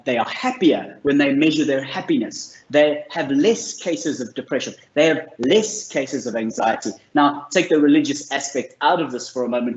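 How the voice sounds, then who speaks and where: A man presenting a mental health course, telling stories in an earnest, encouraging way. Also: mid-range voice. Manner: earnest, storytelling, warm and encouraging. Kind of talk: motivational talk to camera. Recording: roomy, slightly dull sound.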